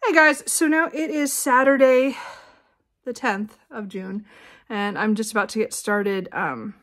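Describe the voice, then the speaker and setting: A woman's voice: on the high side, unhurried, fairly bright tone. A woman chatting casually in a home vlog, rambling with frequent fillers while she works around her house, at times out of breath. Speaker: vlogger. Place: home bedroom closet.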